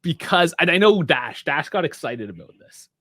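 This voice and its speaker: A man's voice: a little high, very animated, moderate pace, pushed and bright, no echo. A man hosting a casual podcast who often stammers and restarts, self-deprecating as he hands over to his co-hosts. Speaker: podcast host.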